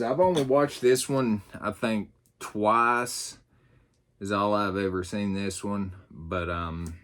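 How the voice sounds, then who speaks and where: A man's voice: low voice, fairly bright tone. A man with a Southern US accent chatting casually and rambling, with many fillers, as he unboxes and talks through his new purchase. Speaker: YouTube host.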